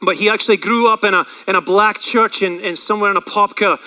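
A man preaching a sermon as pastor, swinging from loud impassioned cries down to quiet reflective talk, with fillers and restarts. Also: steady tone, fast, rough recording. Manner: rises to loud impassioned cries on quoted prayers, drops low and quiet when reflecting.

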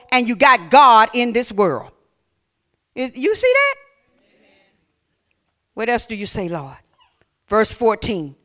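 High-voiced, bright-toned preaching man. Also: big pitch swings, slow, pauses often. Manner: preaching with rhetorical questions to the congregation; reads scripture aloud and comments on it. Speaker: pastor. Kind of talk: sermon.

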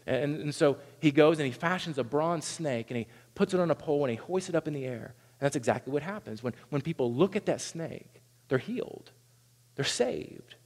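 A man preaching a sermon to his congregation, animated, sometimes acting out voices in quoted lines. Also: on the high side, slightly rough. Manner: animated preaching, acts out quoted complaints in a raised voice. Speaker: pastor. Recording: long hall reverb.

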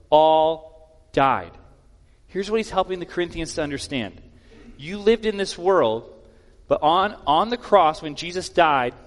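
A male pastor giving a sermon in a plainspoken, conversational way with casual asides. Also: a little high. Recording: long hall reverb.

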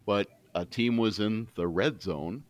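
A man co-hosting a sports podcast, telling a story in a wry, deadpan way. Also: lowish voice, measured pace. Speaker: podcast co-host. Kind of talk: casual sports chat.

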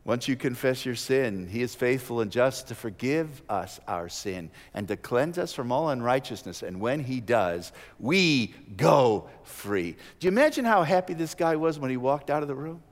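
A man preaching a sermon, rising to loud emphatic peaks and dropping to soft, slow prayer. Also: mid-range voice, sing-song. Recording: long hall reverb.

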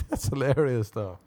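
A man doing a stand-up comedy routine, animated, acting out voices and laughing at his own jokes. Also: medium pitch. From Ireland.

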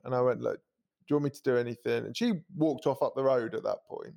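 Thirties podcast host spinning an anecdote, animated and crude. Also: male voice, mid-range voice, fairly quick, creaky. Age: 30s. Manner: animated, swearing, acts out quoted voices, laughs often. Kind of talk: casual storytelling chat.

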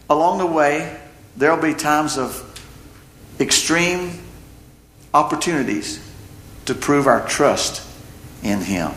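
Animated preacher man in an echoey room. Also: on the high side. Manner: animated storytelling, acts out voices in quotes. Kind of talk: sermon.

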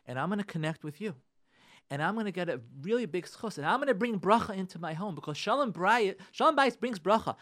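A man hosting a radio advice show, talking in an animated, preachy way, repeating phrases and mixing in Hebrew religious terms. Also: sits high. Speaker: radio show host and marriage counselor. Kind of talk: talk radio advice monologue.

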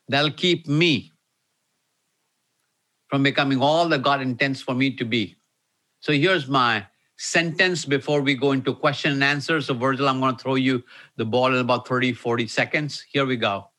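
A man preaching to an online audience, repeating key lines slowly and emphatically. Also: mid-range voice, bright, forceful tone. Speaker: pastor. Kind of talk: sermon with live Q&A.

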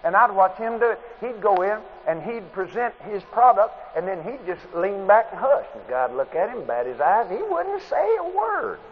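A man's voice: high voice, very animated, moderate pace, few pauses. A man preaching a sermon at a convention, a folksy, plain-spoken storyteller. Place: convention hall. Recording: tinny lo-fi tape with faint hiss.

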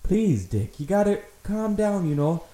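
A man, host of the show, playing a confused, rambling neighbor who keeps trying to calm someone down in an improvised comedy scene. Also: high voice, unhurried. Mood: pleading. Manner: folksy, rambling, placating. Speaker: podcast host. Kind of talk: improvised comedy role-play. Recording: echoey room.

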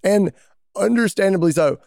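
A man co-hosting a podcast, talking casually and animatedly, often jumping up in pitch when he acts out what other people say. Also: expressive, normal speed, creaky, a little mellow, no echo, studio quality. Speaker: podcast co-host, veterinarian.

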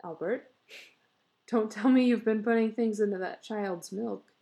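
A woman's voice: medium pitch, a little slow, creaky, warm tone. A woman voicing an anxious, protective wife and mother in a read-aloud story, insistent and scolding. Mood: worried.

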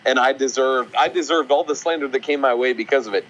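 A man's voice: mid-range voice, fast talker, a bit bright, slight background noise. Sarcastic man ranting over a dull line. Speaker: podcast co-host. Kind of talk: casual podcast chat.

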